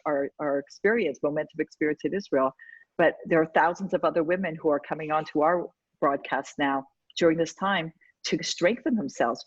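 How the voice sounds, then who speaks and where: A woman's voice: low-pitched, breathy edge, no echo. A woman educator guest in an interview, talking in an emphatic, persuasive way. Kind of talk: conversational interview. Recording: dull lo-fi dry sound.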